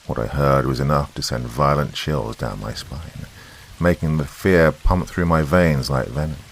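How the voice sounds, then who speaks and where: Very deep, gravelly horror narrator. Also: male voice. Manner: slow, hushed storytelling. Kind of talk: first-person horror story narration. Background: faint rain and hiss.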